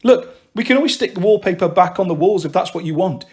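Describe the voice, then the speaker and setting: Man doing cheeky teen girl, brash and teasing, high lively voice, storybook. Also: fast talker. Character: cheeky, bold teenage girl. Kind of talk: audiobook reading.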